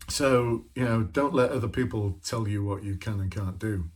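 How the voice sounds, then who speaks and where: A middle-aged former police officer, now a leadership trainer, gives an informal coaching talk packed with rhetorical questions. He's conversational and talks to himself, speaking at a moderate pace in a lowish voice.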